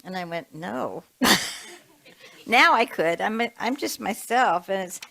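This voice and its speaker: A woman's voice: medium pitch, lively intonation, unhurried, creaky, low-quality recording. Woman in her seventies preaching. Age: 70s. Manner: warm chatty storytelling with laughs. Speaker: reverend. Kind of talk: sermon.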